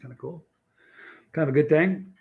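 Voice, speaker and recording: A man's voice: on the high side, normal speed, creaky, narrow, tinny audio. A man hosting a casual livestream, telling a long rambling story and greeting viewers in the chat. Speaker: host.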